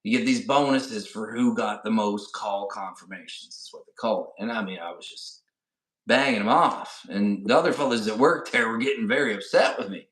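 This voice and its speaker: A man's voice: fairly low pitch, moderate pace, fairly bright tone. A middle-aged man co-hosting a podcast, telling a casual story and often checking in with "right?" and "you know". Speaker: podcast co-host. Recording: roomy echo.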